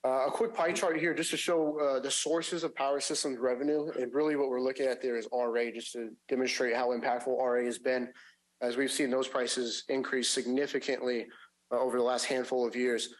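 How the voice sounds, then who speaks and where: A man's voice: medium pitch, little pitch movement, rough recording. Man presenting financials at a public meeting. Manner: measured, frequent fillers and restarts. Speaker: agency finance staff presenting a report. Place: public agency meeting room.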